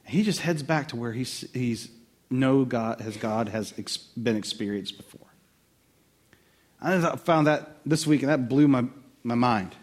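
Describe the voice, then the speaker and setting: A man preaching a sermon in a conversational, animated way, with quick asides to the listeners. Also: medium pitch. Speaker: pastor.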